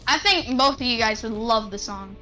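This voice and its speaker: A woman chatting casually and teasing friends while gaming, in a loud, joking way. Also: fairly high pitch, moderate pace, soft background music. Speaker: gamer friend in voice chat. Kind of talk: casual chat.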